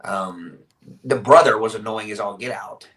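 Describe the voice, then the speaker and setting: A man hosting a casual live podcast, talking in a rambling, halting way with many restarts. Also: fairly low pitch, a bit bright, poor audio. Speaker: podcast host.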